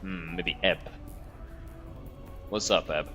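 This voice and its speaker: A man's voice: deep voice, steady tone, slow pace, sharp tone. A man streaming a video game, chatting casually with rambling asides and freely swearing. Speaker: gaming streamer. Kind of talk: casual gameplay chat. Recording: dull lo-fi sound, faint game music.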